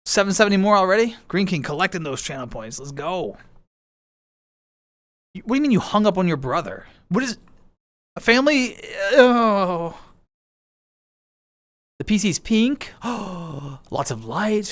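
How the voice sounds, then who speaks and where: Chatty man with a lively voice. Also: on the high side. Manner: chatty, bouncy intonation, playful. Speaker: streamer. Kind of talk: casual chat reading viewer messages. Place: home streaming setup.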